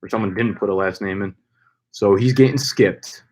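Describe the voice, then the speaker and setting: A young man hosting a casual live stream, loud and playful, hyping up names with slang and swearing. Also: on the low side, normal speed. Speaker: fantasy football streamer.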